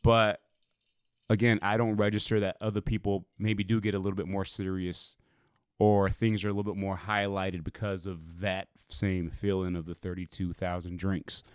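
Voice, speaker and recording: A man's voice: low voice, little pitch movement, moderate pace, smooth, no room sound, clean studio sound. A man co-hosting a podcast, telling a story in a loose, rambling way and swearing freely. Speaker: podcast co-host. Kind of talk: casual storytelling chat.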